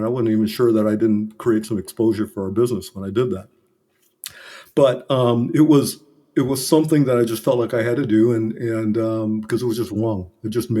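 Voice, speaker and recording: Mellow-voiced man telling candid stories. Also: on the low side. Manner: reflective, earnest, self-critical. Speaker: business consultant, podcast guest. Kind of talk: candid conversational storytelling.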